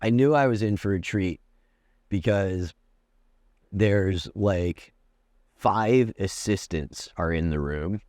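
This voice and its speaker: A man's voice: sits low, slow pace, pauses often, darkish tone, no echo, studio quality. A man who is a comedian, telling a long personal story in a casual, profane way, with many restarts and acted-out back-and-forth dialogue. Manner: rambling, profane, with many restarts and quoted exchanges. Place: New York City.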